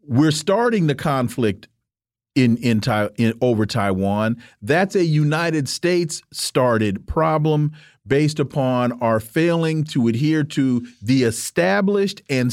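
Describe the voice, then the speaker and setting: A man's voice: no echo, clean studio sound. A man co-hosting a political talk radio show, arguing emphatically with rhetorical questions. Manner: emphatic, rhetorical questions, rising pitch when pressing points.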